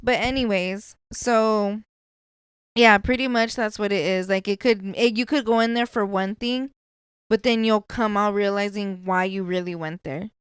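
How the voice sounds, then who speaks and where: A woman's voice: medium pitch, fairly even intonation, normal speed, clean tone, no echo. A woman hosting a podcast, chatting casually in a blunt, profane way. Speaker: podcast host.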